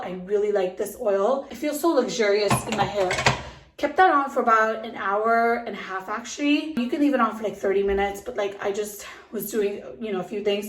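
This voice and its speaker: A pregnant young woman chats upbeat into her phone camera, a little breathless and full of fillers. Her medium-pitched voice sounds reverberant and distant from the mic, with slight background noise.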